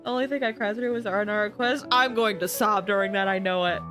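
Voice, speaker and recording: A woman's voice: mid-range voice, fairly even intonation, fast talker, a bit bright, faint music behind. A young woman streaming a game, talking to herself and her chat while fighting back tears. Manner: emotional, teary, self-talking. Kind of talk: casual live game commentary.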